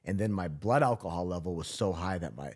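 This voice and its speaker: A man recounting a past drinking episode as an interview guest, profane and rambling, laughing through dark moments. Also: deep voice, expressive, fairly quick. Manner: profane, rambling, many restarts. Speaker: podcast guest. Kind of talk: casual storytelling interview.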